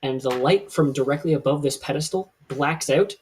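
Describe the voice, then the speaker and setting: A man running a live-streamed tabletop game as game master, who describes the scene slowly and at length. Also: on the high side, darkish tone, a little hiss or hum, poor audio.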